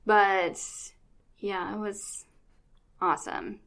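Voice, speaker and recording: A woman in her thirties co-hosting a casual podcast chat. She rambles along enthusiastically, her voice sitting at an ordinary middle pitch. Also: little pitch movement, extremely slow, creaky, a bit bright. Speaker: podcast co-host.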